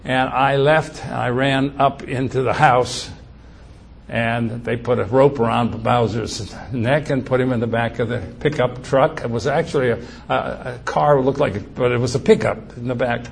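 Older male storyteller, husky, earnest, mid-pitched, spinning a childhood story. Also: moderate pace. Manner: earnest, animated retelling with acted quotes. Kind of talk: personal storytelling.

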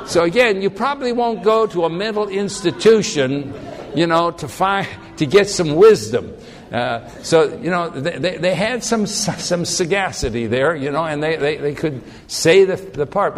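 A man teaching a conversational sermon, telling stories in a folksy, rambling way with frequent restarts. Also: fairly high pitch. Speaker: Bible teacher. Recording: long hall reverb.

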